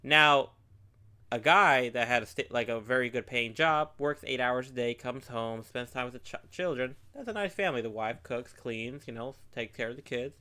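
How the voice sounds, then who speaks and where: Earnest podcast host with a bright, smooth voice. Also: male voice, medium pitch, moderate pace. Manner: earnest, full of "you know" fillers. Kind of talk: casual podcast chat.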